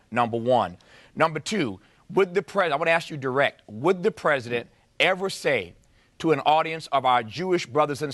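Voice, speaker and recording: A man's voice: on the high side, fairly bright tone, no echo. A man interviewing a congresswoman on TV, impassioned and building his point through repeated rhetorical questions. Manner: impassioned, preacher-like rhetorical repetition.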